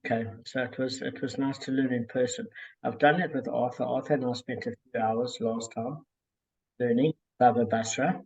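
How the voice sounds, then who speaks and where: A man leading a casual group study over a call, talking in a relaxed, digressive way with many fillers and a gravelly, husky voice. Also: medium pitch, normal speed, poor audio. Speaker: Talmud study group leader.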